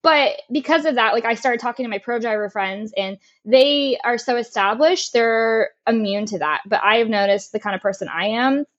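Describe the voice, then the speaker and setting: A young woman speaking as a podcast guest, open and emotional, with frequent laughs and casual swearing. Her voice sits a little high, and the recording sounds slightly muffled and lo-fi. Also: normal speed, few pauses. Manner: emotional, animated, laughs often, swears freely. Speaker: podcast guest, race car driver. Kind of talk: candid conversational interview. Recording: lo-fi muffled audio.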